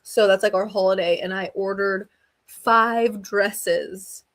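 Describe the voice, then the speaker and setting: A woman's voice: mid-range voice, slow pace. A young woman co-hosting a podcast, chatting casually and acting out quotes in her stories. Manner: animated storyteller, acts out quotes. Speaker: podcast co-host. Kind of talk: casual chat.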